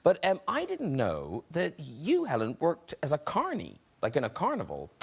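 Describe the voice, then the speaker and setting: A man's voice: fairly high pitch, wildly swooping pitch, normal speed, vocal fry, husky. An Irish man hosting a chat show in a teasing, playful way. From Ireland. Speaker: talk show host. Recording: studio audience noise.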